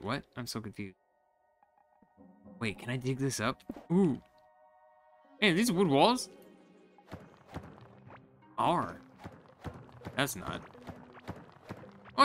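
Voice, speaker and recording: A man talks his way through a video game, puzzling aloud and getting annoyed when things go wrong. His voice is bright and lively, swinging from low mutters to high outbursts. Faint music plays underneath. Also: a little slow, pauses often. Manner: confused, easily frustrated, talks to himself; jumps to high excited exclamations when surprised. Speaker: gaming YouTuber. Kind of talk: casual let's-play commentary.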